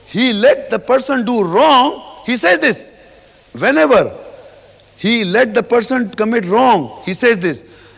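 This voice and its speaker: A high-pitched man teaches scripture verse by verse. His voice has a gravelly edge, and it rings in a hall with long reverb. He talks slowly and repeats phrases. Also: a bit bright. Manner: slow, repeats phrases, acts out the speaker's quoted words. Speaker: Quran teacher. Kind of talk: verse-by-verse religious explanation.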